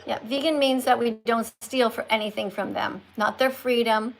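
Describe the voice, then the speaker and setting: A woman's voice: fairly high pitch, steady tone, normal speed, gravelly, poor audio. A woman hosting a livestream with callers, lecturing in a preachy, scolding teacher tone. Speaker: livestream host.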